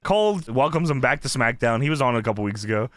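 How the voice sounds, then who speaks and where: A man's voice: mid-range voice, fast, a loud crowd. A man hosting a podcast, recapping wrestling in casual chat, laughing and swearing often. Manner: laughing, profane, excited. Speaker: podcast host.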